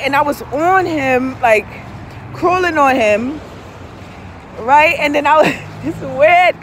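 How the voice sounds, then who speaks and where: Young woman, candid vlog storyteller, swears and laughs, voice swings high to low, faint traffic outside. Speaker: vlogger. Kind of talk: candid casual storytelling to camera.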